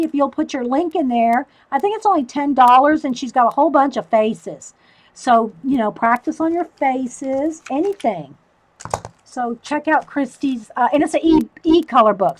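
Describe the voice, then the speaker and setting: A woman's voice: high voice, moderate pace, rough recording. A woman hosting a live stream, chatting casually through a coloring demo and answering viewer comments.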